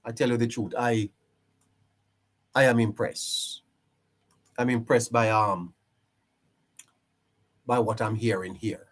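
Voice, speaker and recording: A man's voice: mid-range voice, steady tone, takes it slowly, pauses often. A man hosting a live-stream political commentary, emphatic and preachy, repeating his phrases for effect. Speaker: live-stream show host.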